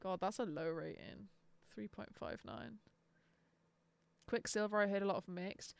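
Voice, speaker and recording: A woman's voice: medium pitch, unhurried, gravelly. A young woman chatting casually on a live stream, sarcastic and swearing freely. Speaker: book streamer.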